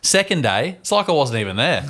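A man in relaxed podcast chat, telling a story about his kids with lively energy. His voice sits in a middle register, and he swears freely as he talks. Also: mid-range voice, a little fast. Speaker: podcast co-host. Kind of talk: casual chat.

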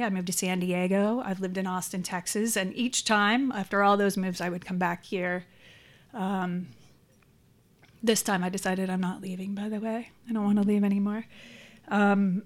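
Woman sharing her story, flat even voice. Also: mid-range voice. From San Francisco Bay Area. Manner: hesitant, frequent ums, candid and reflective. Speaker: support group speaker. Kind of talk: personal recovery share. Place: meeting room.

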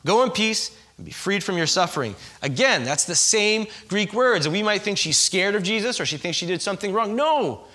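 A man preaching a sermon to his congregation in a conversational, animated way, with frequent asides to the listeners. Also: high-pitched, a little fast, few pauses. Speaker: pastor.

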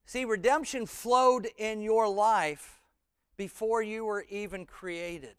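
High, crisp-voiced preaching pastor. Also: male voice, slow pace, no room sound, clean studio sound. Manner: earnest preaching, drops to a hush for scripture and climbs loud when stirred. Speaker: senior pastor. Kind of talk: sermon.

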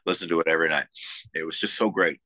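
This Buffalo-area musician, a guest in a relaxed interview, speaks in a very low voice that still comes across bright and forceful, with fairly even intonation. He's an enthusiastic storyteller who halts constantly on fillers and restarts sentences. The recording is dry and close, free of room echo.

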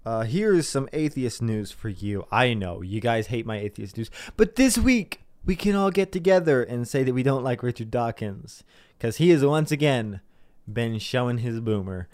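A man's voice: mid-range voice, animated, moderate pace, a little mellow, no room sound, studio quality. A young man giving a casual, sarcastic commentary monologue, rambling and mocking people in put-on voices.

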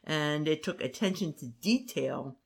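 A co-host in a casual talk show, speaking hesitantly, with many pauses and fillers. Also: medium pitch, animated, gravelly, breathy edge. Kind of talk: casual conversational chat.

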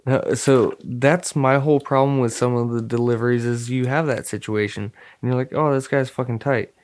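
A young man telling stories in a relaxed, rambling way, full of slang and swearing. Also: medium pitch, normal speed. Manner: laid-back, rambling storyteller with lots of slang and swearing. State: dry mouth, slightly hoarse. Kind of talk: casual chat.

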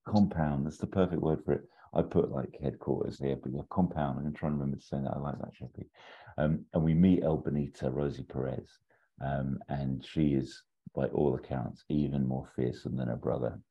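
A man casually pitching a comedic film sequel scene by scene, often popping into silly high character voices. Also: steady tone, fairly quick, slightly rough. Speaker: podcast co-host pitching an imagined sequel. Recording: dull lo-fi sound.

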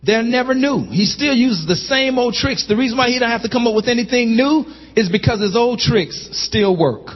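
A man preaches a sermon in a high, ringing voice, calling to his congregation and climbing into shouts. The sound is somewhat dull and lo-fi. His voice trails off in a long reverb, as in a large church sanctuary. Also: animated, moderate pace, few pauses. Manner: call-and-response preaching, rising to shouts. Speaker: pastor.

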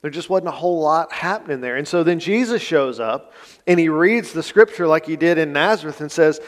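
A long church reverb fills this recording from a sanctuary, where a male pastor with a voice on the high side preaches a little fast, with lively intonation. His sermon has a conversational, plain-spoken feel, dotted with folksy asides.

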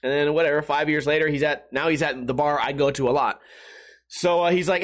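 Podcast host, male; high, bright, lively voice; excitable, swearing, rambling comedic rant. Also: quick pace. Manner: excitable, profane, rambling with restarts. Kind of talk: casual comedic podcast monologue.

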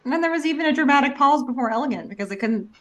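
A woman's voice: sits high, expressive, racing, fairly bright tone. A woman co-hosting a TV rewatch podcast, chatting casually and reading out episode details. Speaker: podcast co-host. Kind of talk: casual chat.

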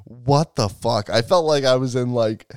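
A man's voice: medium pitch, measured pace, a little mellow, clean tone, no echo, clean studio sound. A man co-hosting a podcast in casual chat, rambling loosely, swearing and laughing often. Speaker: podcast co-host.

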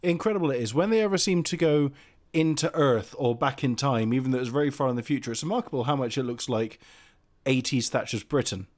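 A man's voice: mid-range voice, fast. A man in casual podcast chat with a wry, amused manner.

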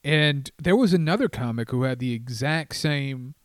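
A man's voice: medium pitch, expressive, normal speed, no echo, clean studio sound. A man hosting a podcast, chatting casually and prompting his guest with questions. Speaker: podcast host.

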